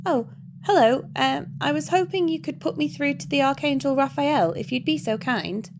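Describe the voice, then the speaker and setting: A woman voicing a fussy, anxious male angel who speaks in a polite, hurried way. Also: high voice, expressive, pitched above the performer's own voice. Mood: fretful. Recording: background hiss.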